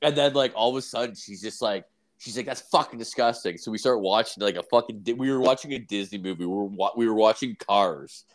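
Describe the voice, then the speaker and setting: A man's voice: lowish voice, fairly quick. A young man in casual chat, telling stories in a rambling, profane way, full of fillers.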